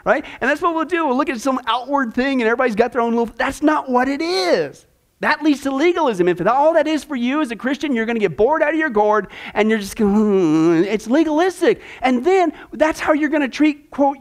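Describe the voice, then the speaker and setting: Animated high-voiced male Bible teacher. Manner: animated storytelling, rhetorical questions; humorous asides. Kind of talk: discipleship class teaching.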